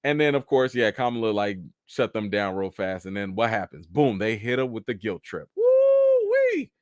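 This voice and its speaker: A man's voice: fairly low pitch, moderate pace, smooth, no echo, clean studio sound. A man hosting a casual live chat, reading out viewer comments and acting out the characters' lines in raised voices. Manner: reads out and answers viewer comments. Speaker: live stream host.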